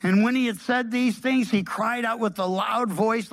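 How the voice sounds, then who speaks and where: A man's voice: sits high, moderate pace, hardly any pauses, fairly bright tone. A man preaching, reading scripture aloud and adding casual, emphatic asides. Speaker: pastor. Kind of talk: sermon reading and commenting on scripture.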